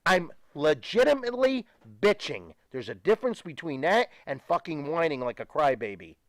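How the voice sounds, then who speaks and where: A man's voice: on the high side, big pitch swings, normal speed, no echo. An older man, a retired pro wrestler, ranting emphatically and with profanity as a guest in a studio interview.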